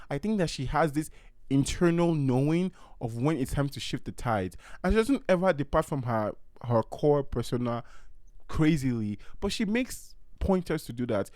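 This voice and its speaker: Animated man hosting a solo podcast. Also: a little high, no room sound, studio quality. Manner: animated, acts out quotes with playful voices. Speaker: podcast host.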